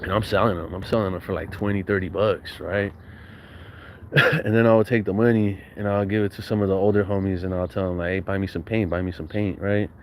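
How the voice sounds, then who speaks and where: A young man with a fairly low voice tells stories from his youth in loose, slangy talk full of swearing. He acts out what people said to him. A faint hum sits under the recording. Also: fairly even intonation, fairly quick, darkish tone. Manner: slangy, profane, laughs often, acts out quotes. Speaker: storyteller recounting his youth. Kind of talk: casual storytelling monologue.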